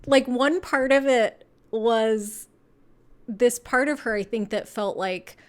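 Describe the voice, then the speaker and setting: A woman's voice: on the high side, slow pace. Chatty, rambling woman tarot reader. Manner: chatty and meandering, full of "like" and "um"; laughs often while talking. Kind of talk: casual pick-a-card tarot reading.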